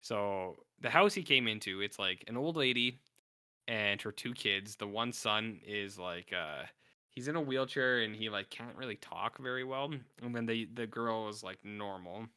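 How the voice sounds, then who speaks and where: A man's voice: lowish voice, normal speed, bright, forceful tone, smooth, no echo, studio quality. A young man co-hosting a podcast, casually retelling a film and acting out its lines. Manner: rambling retelling with acted-out quotes. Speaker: podcast co-host. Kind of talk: casual film review chat.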